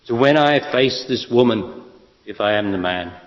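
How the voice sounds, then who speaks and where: A man's voice: fairly low pitch, expressive, moderate pace. A man giving a spiritual talk to an audience, blunt and emphatic, asking rhetorical questions. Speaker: spiritual teacher. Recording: lo-fi echoey hall.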